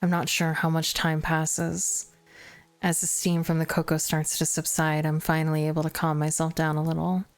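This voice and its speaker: A woman streamer reading a visual novel aloud, narrating in first person with expressive, self-mocking asides. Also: sits low, normal speed.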